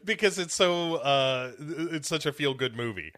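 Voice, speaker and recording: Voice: medium pitch, expressive, a little slow, fairly bright tone, no room sound. A podcast co-host in casual movie chat, teasing with dry sarcasm.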